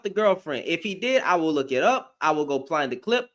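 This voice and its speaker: A man's voice: high-pitched, animated, fairly quick, few pauses, fairly bright tone. A man giving a blunt, profane opinion rant to camera, firing off rhetorical questions as a commentary vlogger.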